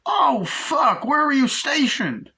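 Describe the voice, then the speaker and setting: A man doing a quick impression of an excited male Vietnam vet from a film, pushy and swearing as he insists on buying a stranger a beer. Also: extremely high pitch, gravelly, pitched above the performer's own voice, exaggerated voice. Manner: over-eager, pushy, swearing.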